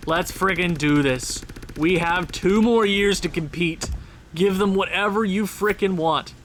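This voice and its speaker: A man giving casual, excitable gameplay commentary, talking straight to the game as he plays. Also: sits high, moderate pace, slight background noise. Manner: excitable, talks to the game and players. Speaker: gaming channel host.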